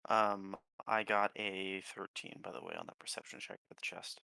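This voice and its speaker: A man's voice: low voice, lively intonation, normal speed, gravelly, pushed and bright, smooth. A man playing a tabletop game, hesitant, asking twice about details. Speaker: player. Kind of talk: casual play at a tabletop game.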